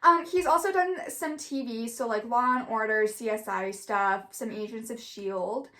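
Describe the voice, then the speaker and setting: This young woman has a high, bright voice and talks in a loose, rambling way, leaning on "like" again and again. She co-hosts a casual podcast chat and reviews things with a friend. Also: a little slow. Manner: chatty, heavy use of "like". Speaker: podcast co-host.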